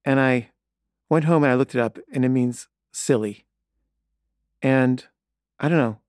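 A man's voice: mid-range voice, measured pace, darkish tone, smooth, no room sound, clean studio sound. A man telling a personal story in a casual, conversational way, retelling a conversation line by line.

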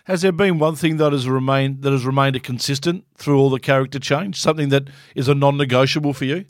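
A man co-hosting an interview, asking quick, teasing questions. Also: medium pitch, no room sound, studio quality. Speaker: interview co-host.

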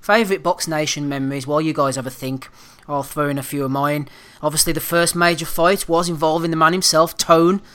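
A man's voice: fairly high pitch, steady tone, fairly quick, a bit bright, smooth. Laid-back man hosting a podcast. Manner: swearing, laughing, runs the segments. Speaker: podcast host. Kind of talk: casual boxing chat.

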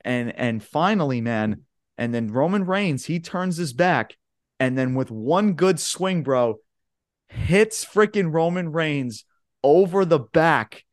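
Male podcast co-host, hyped rambling recapper, swears a lot, slightly high voice. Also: takes it slowly, no echo, clean studio sound. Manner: excitable, swears often, says "bro" and "man"; rambling play-by-play retelling. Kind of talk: casual chat.

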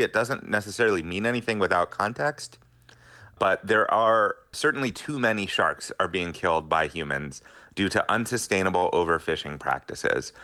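A man's voice: sits low, sharp tone. A middle-aged man, a scientist guest on a radio interview, explaining earnestly.

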